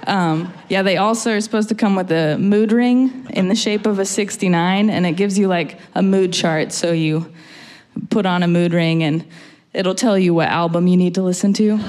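A woman's voice: lowish voice, moderate pace, darkish tone. A young adult woman, a musician guest, chatting casually in an interview, often laughing and poking fun at herself. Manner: laughing, storytelling, self-mocking.

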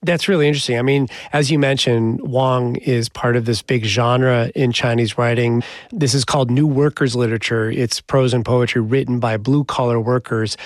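A man's voice: medium pitch, steady tone, normal speed, few pauses, no room sound, clean studio sound. A man hosting a broadcast interview, asking questions in a polished, conversational way. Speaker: radio interview host.

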